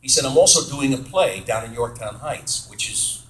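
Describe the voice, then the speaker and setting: A man's voice: mid-range voice, moderate pace, a little hiss or hum. Chatty man telling stories in a roomy hall. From New York State, USA. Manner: chatty, animated storyteller, self-deprecating, acts out quoted voices. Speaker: actor answering fan questions. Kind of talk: casual storytelling at a Q&A panel.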